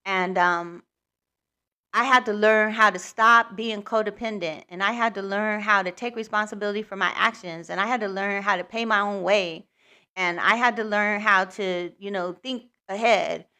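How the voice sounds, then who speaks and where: A woman hosts a spiritual livestream and talks casually to her viewers. Her voice is bright and clear. She rambles candidly, with many fillers and restarts. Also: mid-range voice, fairly even intonation, moderate pace.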